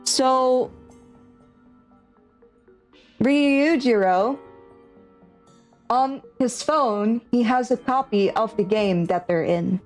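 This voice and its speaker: A woman with a slightly high voice speaks slowly over soft background music while streaming a visual novel. She reads lines aloud and rambles through her theories, adding giggly, unsure asides as she plays.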